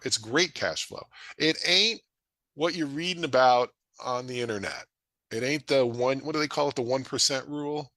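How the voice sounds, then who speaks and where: A middle-aged man presenting to an audience in an energetic, folksy way, acting out dialogue. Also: no room sound. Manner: energetic, folksy, acts out dialogue with rising pitch. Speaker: real estate investor presenting a webinar.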